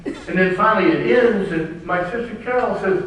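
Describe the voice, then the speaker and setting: A man's voice: high-pitched, normal speed, fairly bright tone. An older man with a Southern US accent, an author telling stories to an audience in an emphatic, wry way. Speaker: author giving a talk. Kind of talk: storytelling talk to an audience. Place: large room at a bookstore event. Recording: very echoey room, distant mic.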